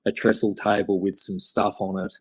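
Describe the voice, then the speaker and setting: A man's voice: lowish voice, flat delivery, moderate pace, breathy edge, no room sound, rough recording. An Australian man, a craftsman guest on a podcast, telling stories in an enthusiastic, rambling way. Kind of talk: casual interview chat.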